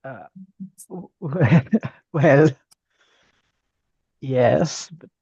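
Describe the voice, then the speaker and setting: Very slow, gravelly man, hesitant. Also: medium pitch, expressive, mellow, no echo. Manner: hesitant, halting, nervous laughs. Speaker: player. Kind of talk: in-character tabletop role-play. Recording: dull, lo-fi dry mic.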